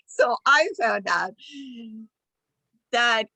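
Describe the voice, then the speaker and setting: A woman with a Spanish accent and Spanish as her first language, sharing a personal story with advice on a video call, earnest and quick to laugh. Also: on the high side, vocal fry, bright, forceful tone, no echo, low-quality recording. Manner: slow, earnest, laughs often. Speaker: speaker at a speaking club meeting.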